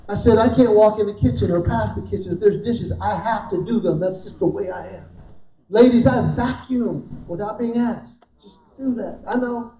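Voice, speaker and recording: Male stand-up comedian, high voice, mellow tone, animated storytelling, distant mic, echoey hall. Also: moderate pace, muffled recording. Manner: animated storytelling, acting out both sides of conversations. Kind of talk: stand-up comedy with a faith message. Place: hall with a live audience. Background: audience laughter.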